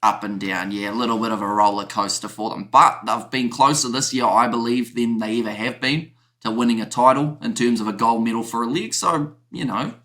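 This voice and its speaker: A man's voice: medium pitch, a little fast, hardly any pauses, sharp tone. Chatty man talking rugby on a call. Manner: chatty, uses "you know" a lot. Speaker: podcast co-host. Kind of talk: casual sports chat.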